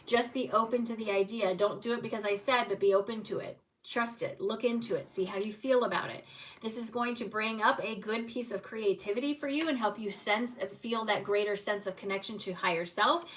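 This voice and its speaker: A woman's voice: medium pitch, brisk, a bit bright, far from the mic, poor audio. A woman giving tarot card readings on a livestream, speaking encouragingly and addressing viewers by name.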